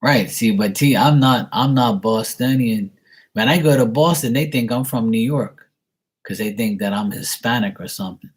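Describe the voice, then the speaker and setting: A man's voice: medium pitch, normal speed, husky. A man from Bermuda with a Bermudian accent, rambling chattily in a casual vlog as he answers viewer questions. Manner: chatty, digressive, mimics other people's voices in quotes.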